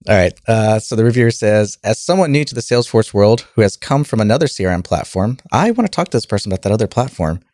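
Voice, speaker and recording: A man in his forties co-hosting a podcast, talking in a relaxed, halting, self-deprecating way. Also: lowish voice, no room sound. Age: 40s. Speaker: podcast co-host. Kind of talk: casual podcast chat.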